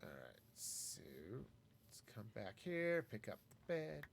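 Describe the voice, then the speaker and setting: A man's voice: fairly high pitch, huge pitch swings, takes it slowly, gravelly, background noise. A man casually talking through a live game stream, wry and self-mocking as he rambles. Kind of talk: casual gameplay commentary.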